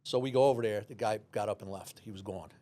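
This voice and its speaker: Fast-talking New man telling a story. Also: fairly low pitch. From New York City. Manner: animated storyteller, acts out dialogue, many restarts. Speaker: guest, former police officer. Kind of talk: storytelling in a podcast interview.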